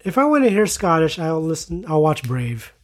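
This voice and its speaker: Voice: mid-range voice, very animated, normal speed, no room sound. Easygoing podcast co-host, dry sound. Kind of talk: casual chat reviewing films.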